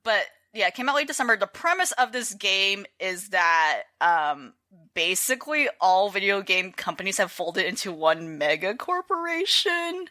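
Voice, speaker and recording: A woman's voice: medium pitch, big pitch swings, moderate pace, sharp tone. A woman co-hosting a game podcast in casual chat, rambling with many fillers and restarts. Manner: rambling, lots of fillers and restarts, laughs often. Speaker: podcast co-host.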